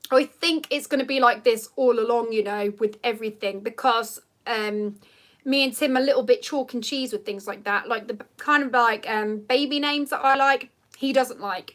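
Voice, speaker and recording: Chatty bright-voiced woman. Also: on the high side. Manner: chatty, rambling, lots of ums and likes. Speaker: livestream host. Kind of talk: casual live chat reading comments. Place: home.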